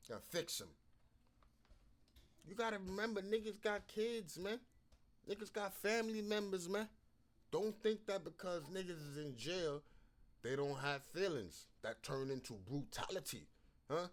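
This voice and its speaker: A man's voice: mid-range voice, normal speed. A man commenting over a played phone call, scolding and mocking in casual street talk.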